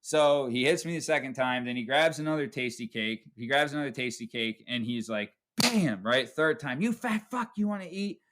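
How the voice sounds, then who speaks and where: A man's voice: mid-range voice, normal speed, hardly any pauses, background noise. A man hosting a podcast, telling a story casually and profanely, tagging lines with "right?". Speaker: podcast host.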